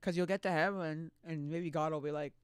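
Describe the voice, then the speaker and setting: A young man streaming casual chat, rambling and restarting, swinging between loud outbursts and quiet mumbles. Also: on the high side, steady tone, fairly quick, background noise.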